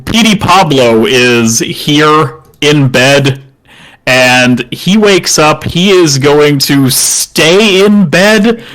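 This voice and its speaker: A man's voice: on the high side, drawn-out words, a bit bright, rough recording. A man narrating as dungeon master for a tabletop game, good-humored and prone to chuckling as he describes the action.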